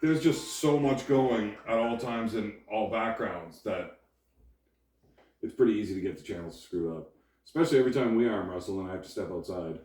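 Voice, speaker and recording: Male guest, crude joker, lowish warm voice, roomy recording. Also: animated, moderate pace. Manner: blunt, brash joking. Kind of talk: casual chat. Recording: echoey room, distant mic.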